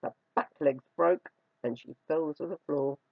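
A storyteller with a mid-range voice and vocal fry reads a fairy tale aloud, expressive and drawn out. The recording is dry and dull.

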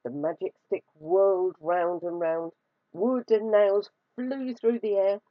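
Slow, lowish woman storyteller; storybook read-aloud, dry and slightly dull sound. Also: no echo. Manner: expressive, drawing out words for effect.

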